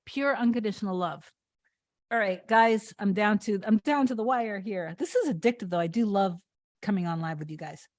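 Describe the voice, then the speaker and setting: A woman's voice: medium pitch, normal speed, dry recording. Woman coach, live Q&A, earnest and openly emotional, dry close sound. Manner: earnest, reads viewer comments aloud; emotional, warm-hearted. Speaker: manifestation coach. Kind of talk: live-stream Q&A chat.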